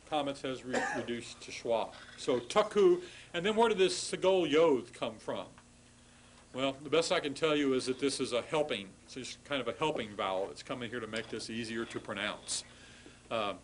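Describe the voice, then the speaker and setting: In a rough recording of a classroom lecture, a male language instructor patiently explains grammar, slowly sounding out word forms and wryly apologizing for the irregular ones. His voice is mid-range, with slight background noise.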